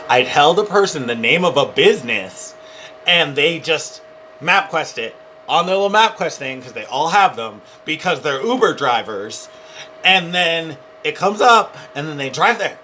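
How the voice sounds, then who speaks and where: A young man telling a funny personal story to camera in a rambling, animated way, full of "like". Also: fairly high pitch, a little slow, a little hiss or hum. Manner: rambling, animated, heavy use of "like". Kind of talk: casual comedic storytime.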